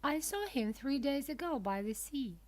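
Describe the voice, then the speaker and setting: A woman voicing a kindly, helpful talking parrot in a children's storybook, with gentle questions. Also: sits high, animated, moderate pace, pitched above the performer's own voice.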